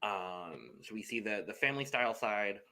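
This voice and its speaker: A man co-hosting a reality TV podcast, recapping in a measured way with hesitant fillers. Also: on the low side, animated, bright, forceful tone. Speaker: podcast co-host. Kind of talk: casual chat.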